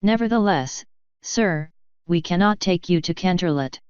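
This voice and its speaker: A woman reading the part of a calm, formal male guard sergeant pony. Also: on the low side, moderate pace, smooth, no echo, lo-fi sound, lightly acted. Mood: solemn.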